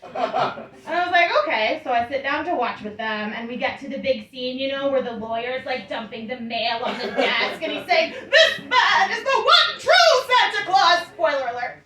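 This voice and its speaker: A woman's voice: high voice, moderate pace. A woman in her thirties performing a stand-up comedy set with wry, self-deprecating storytelling. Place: comedy club stage before a laughing crowd. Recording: echoey club recording from a distance, crowd laughter.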